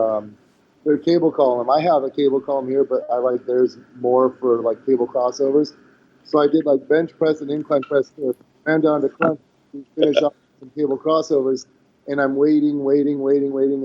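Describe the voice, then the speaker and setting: Animated storytelling man in his forties. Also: fairly high pitch. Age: 40s. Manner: animated storyteller, acts out quotes, many restarts. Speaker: guest. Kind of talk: casual podcast chat. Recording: dull lo-fi sound.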